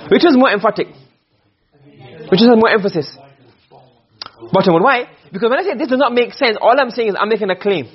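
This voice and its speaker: A man's voice: sits high, expressive, fairly quick, long pauses, slightly rough, lo-fi sound. A man teaching a class, lecturing and explaining points by asking his students questions. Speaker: Arabic rhetoric teacher.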